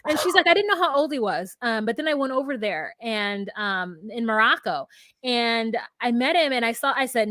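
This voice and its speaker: A woman's voice: on the high side, expressive, normal speed, bright, forceful tone, dry recording, studio quality. A young woman co-hosting a reality-TV recap, playful and mocking, often laughing as she talks. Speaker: podcast co-host. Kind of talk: casual reality-TV recap chat.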